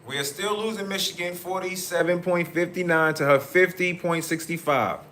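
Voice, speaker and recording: A male host giving excited live election-night commentary, repeatedly reading out vote counts. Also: sits high, normal speed, reverberant, a little hiss or hum.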